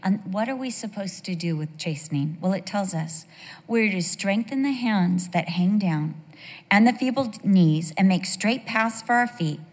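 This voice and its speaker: A woman's voice: mid-range voice, expressive, unhurried. A middle-aged woman giving a sermon full of personal stories, chatting and asking the audience questions. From United States. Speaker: women's devotional speaker. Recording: long reverb of a large hall.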